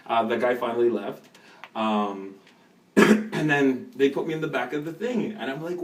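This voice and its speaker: A young man from Canada telling a story casually, animated and laughing, acting out the people in it. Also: medium pitch, moderate pace, distant mic, soft background music. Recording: echoey room, heard from off-mic.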